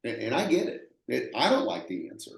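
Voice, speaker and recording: An earnest man with a Texan accent, speaking at a middle pitch, tells workaday stories in a plain, repetitive way. He sounds like he is in a room with a clear echo. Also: wildly swooping pitch, a little fast. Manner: earnest, plainspoken, repeats himself and acts out quoted voices. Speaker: roofing contractor, guest. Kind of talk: conversational storytelling. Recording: echoey room.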